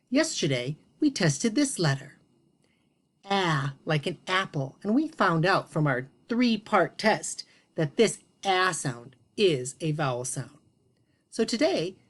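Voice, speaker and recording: Animated woman teaching phonics to kids. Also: lowish voice, husky. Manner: animated, sing-song teacher voice with drawn-out sounds. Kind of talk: children's phonics lesson on video. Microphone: video lesson to camera.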